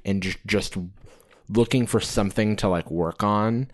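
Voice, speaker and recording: A man's voice: on the low side, measured pace. A man co-hosting a podcast, talking casually and hesitantly with many fillers. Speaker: podcast co-host. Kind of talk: casual chat.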